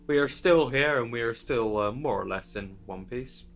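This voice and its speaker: A man's voice: medium pitch, moderate pace, a bit bright, faint music behind, natural voice. A man voicing a weary adventurer who speaks in stiff, formal phrases. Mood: wry.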